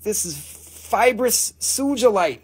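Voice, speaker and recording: A man's voice: sits high, very animated, takes it slowly, slightly rough. A man with an Appalachian accent hosting a live mineral sale, with rambling, joking, folksy patter. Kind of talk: casual live-stream sales patter.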